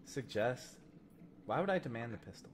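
Guy commenting on a game, jokey asides, bouncy pitch. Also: lively intonation, moderate pace, slight background noise. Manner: joking asides over game dialogue. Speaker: let's play host. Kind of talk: casual gameplay commentary.

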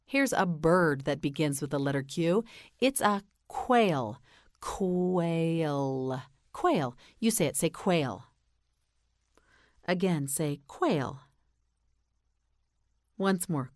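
A woman with an American accent teaching English pronunciation, slowly enunciating and repeating words for learners to say back. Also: low-pitched, dry recording, studio quality. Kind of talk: slow drilled vocabulary lesson.

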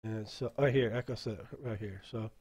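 A man hosting a casual screen-share tutorial for dungeon masters, rambling and halting as he clicks through software at his desk mic. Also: on the low side, breathy edge.

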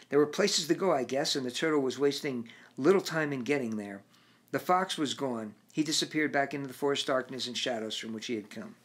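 A man narrating his own book in a measured reading voice with occasional restarts. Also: mid-range voice. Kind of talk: audiobook narration.

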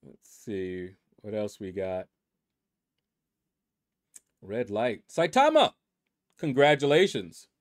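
A man's voice: on the low side, lively intonation, slow, pauses often. A man hosting a gaming channel, chatting casually with rambling asides as he reads through a leaderboard. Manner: laid-back and rambling, with many asides. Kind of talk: casual commentary reading a leaderboard.

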